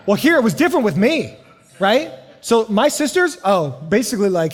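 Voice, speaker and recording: A man's voice: sits high, big pitch swings, fairly quick, slightly rough. A middle-aged male pastor from the United States preaching a sermon, telling family stories and acting out the voices in them. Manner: storytelling, acting out family scenes. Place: church hall. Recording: long hall reverb.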